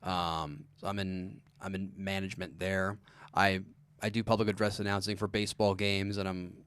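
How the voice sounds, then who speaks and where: A stand-up comedian chats as a guest on a casual podcast, halting, self-deprecating and deadpan, frequently restarting his sentences. His voice is low and smooth.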